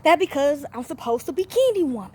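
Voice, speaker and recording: A woman with a high voice tells a long, winding story to her subscribers. She swears freely, circles back over her own words, and keeps checking in with her listeners. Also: very animated, fast talker, dark tone. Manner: profane, repetitive, often checks in with 'okay?'. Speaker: channel host. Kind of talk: rambling casual monologue to viewers.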